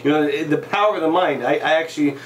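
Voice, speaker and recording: An enthusiastic man hosts an interview, his voice a little high. He praises his guest again and again. The sound is roomy and echoey. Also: quick pace, a little hiss or hum. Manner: enthusiastic, repeats praise, laughs often. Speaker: interviewer, host. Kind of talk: interview chat. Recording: echoey room.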